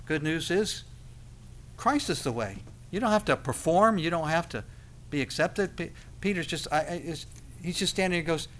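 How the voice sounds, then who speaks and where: Bright-voiced preacher delivering a sermon. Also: male voice, fairly high pitch, animated, normal speed. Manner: emphatic preaching, swings between loud and soft, acts out quoted figures.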